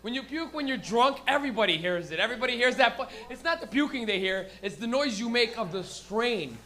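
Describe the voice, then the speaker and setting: A young man emceeing a small comedy stage, his voice high and bright as he rambles and giggles through stoned crowd banter. He talks into a handheld stage mic. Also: animated, fairly quick. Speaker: comedy show host. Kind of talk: stand-up crowd work.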